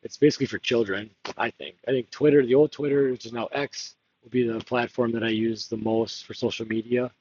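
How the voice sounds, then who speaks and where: A man's voice: medium pitch, steady tone, brisk, hardly any pauses, a little mellow, slightly rough, highs cut off. A man talking candidly in a rambling confessional monologue, laughing often and drifting between topics. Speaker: political candidate.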